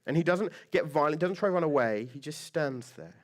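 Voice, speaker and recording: A man's voice: a little high, animated, brisk. A man preaching a sermon as pastor, conversational and joking, with lots of rhetorical questions.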